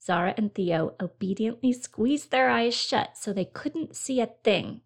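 A woman narrating a children's story in a gentle, clear storybook reading. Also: on the high side, animated, measured pace.

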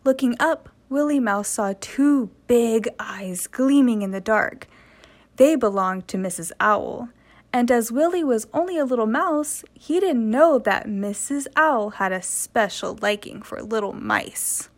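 A woman reading a children's story aloud. Her voice sits a little high, and the delivery stays gentle and clear. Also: expressive, a little slow.

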